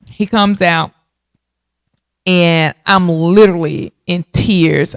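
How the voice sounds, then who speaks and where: A lively woman in her late thirties tells a personal story on her podcast and keeps turning to her listeners with "y'all." Her voice is smooth and clear. The sound is dry and close, with no room around it. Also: lowish voice, dry recording. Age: 30s. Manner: animated, talks straight to listeners with y'all. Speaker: podcast host.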